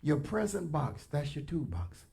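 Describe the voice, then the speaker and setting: A man pastor preaching a sermon in a church, animated and colloquial, addressing the congregation directly with punchy asides. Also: a little high, a little slow, vocal fry. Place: church sanctuary.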